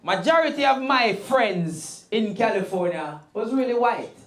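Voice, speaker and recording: A Jamaican woman doing animated stand-up storytelling in patois on a comedy stage. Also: a little high, measured pace. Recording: live crowd laughing.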